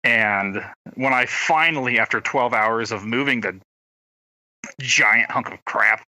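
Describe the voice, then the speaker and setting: Young male co-host, meandering and self-deprecating, headset mic. Very bright tone, dry room. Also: mid-range voice, slow pace, dry recording, low-quality recording. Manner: rambling, self-deprecating, trailing off with fillers. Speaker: podcast co-host. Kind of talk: casual chat. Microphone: gaming headset.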